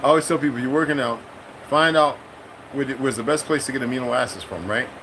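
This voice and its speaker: A middle-aged military veteran talking in a casual, rambling monologue, profane and streetwise, breaking into sudden high-pitched bursts. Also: male voice, fast talker, fairly bright tone, slight background noise, low-quality recording.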